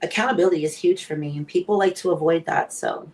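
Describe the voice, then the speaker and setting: A woman's voice: on the low side, fast talker, darkish tone, recorded from a distance. A woman in her forties, a guest on a live interview show, speaking candidly and with emotion. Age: 40s. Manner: emotional, candid, tearful at times.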